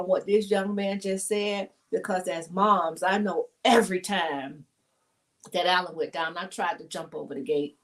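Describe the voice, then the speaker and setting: Hosting a talk show panel on an emotional topic via video call, a middle-aged woman speaks in a mid-range voice. She's sincere and heartfelt, tending to ramble.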